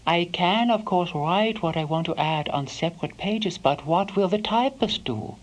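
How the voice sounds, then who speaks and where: A woman quoting a fussy, anxious older gentleman writer in her own slightly raised voice. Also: fairly low pitch, normal speed, natural voice, low-quality recording. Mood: fretful. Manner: fretful and excitable.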